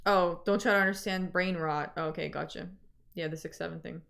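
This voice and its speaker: A woman's voice: on the low side, fairly even intonation, brisk, creaky, a bit bright. A young woman with a Canadian accent, chatting casually with viewers as a livestream host and reading their comments aloud.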